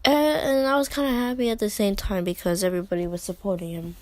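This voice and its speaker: A teenage girl telling a personal story in a vlog, halting and hesitant, with many fillers and restarts and soft whispered asides. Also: mid-range voice, fairly even intonation, dry recording. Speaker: vlogger.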